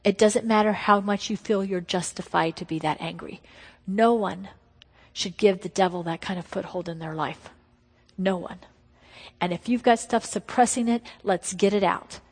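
Middle-aged woman preacher, emphatic testimony sermon, mid-pitched voice, long hall echo. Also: moderate pace, breathy edge. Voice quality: emphatic storytelling, drops to hushed tones.

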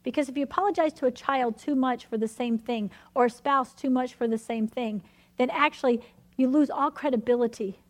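Woman preaching a sermon, high voice, animated and emphatic, storytelling.

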